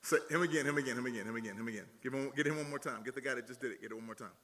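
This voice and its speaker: Southern male pastor, bright and forceful voice, joking with the crowd, big hall reverb. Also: mid-range voice, rapid-fire. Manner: jokey, teasing, energetic with crowd. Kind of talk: playful sermon with audience demo. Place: large hall at student gathering.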